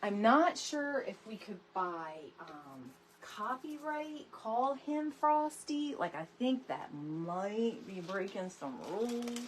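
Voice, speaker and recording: A middle-aged woman hosting a casual craft tutorial livestream, chatty and animated, greeting viewers by name from her home craft room. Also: mid-range voice, takes it slowly, background noise. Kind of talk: casual live crafting chat.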